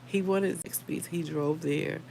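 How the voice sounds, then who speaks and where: A woman's voice: sits low, steady tone, measured pace, gravelly, dark tone, a little hiss or hum, poor audio. A middle-aged woman, hosting a casual livestream, heartfelt and emotional, talking straight to her viewers by name. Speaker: livestream host.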